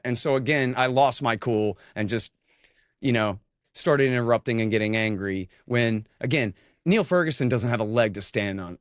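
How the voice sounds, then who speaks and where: A man's mid-range voice comes through with studio quality and no echo. Appearing as an interview guest in casual conversation, he's blunt, rambling, and cranky, full of fillers and restarts, worn out from little sleep.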